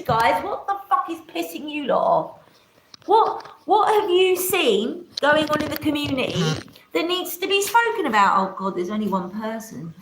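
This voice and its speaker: A woman's voice: high voice, big pitch swings, a little slow, noisy background. A woman ranting on a live stream, rambling, swearing often and mocking others in put-on voices. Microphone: camera mic. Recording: echoey room.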